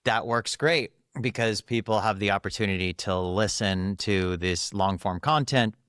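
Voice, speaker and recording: A man with a fairly low voice talks through his points in an earnest, explanatory way. He laughs easily between thoughts. The sound is close and dry, a studio podcast mic. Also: moderate pace, fairly bright tone, smooth, dry recording. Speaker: podcast guest, runs a doctors' network. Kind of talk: conversational interview.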